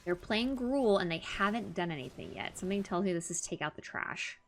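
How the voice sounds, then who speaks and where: A woman streamer giving casual commentary on her own card game, talking to herself and swinging from low mutters to excited squeals. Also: fairly quick, slight background noise.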